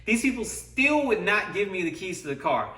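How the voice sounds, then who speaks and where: A man's voice: high voice, big pitch swings, moderate pace, pushed and bright, recorded from a distance. A man telling a frustrated story about a car dealership, acting out the other people's lines as he goes. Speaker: vlogger. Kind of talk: animated storytelling rant. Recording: roomy, away from the mic.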